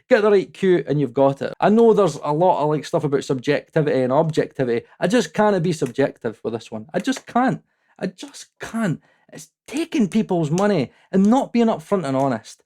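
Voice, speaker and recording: A man's voice: sits high, darkish tone. Blunt, heated man ranting on his channel. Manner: blunt and heated, swears freely, laughs at himself. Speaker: mixing engineer and channel host. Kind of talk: opinionated ranting review.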